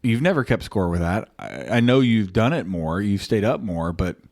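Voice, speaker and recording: A man's voice: on the low side, lively intonation, normal speed, darkish tone. A man co-hosting a podcast with his wife, telling stories with teasing, self-deprecating humor in casual chat. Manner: joking, self-deprecating storyteller. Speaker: podcast co-host.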